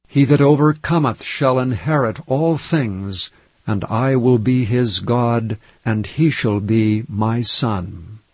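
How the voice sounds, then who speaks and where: Slow, deliberate male scripture reader. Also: mid-range voice, dry recording. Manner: measured, deliberate phrasing. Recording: dull, slightly lo-fi sound.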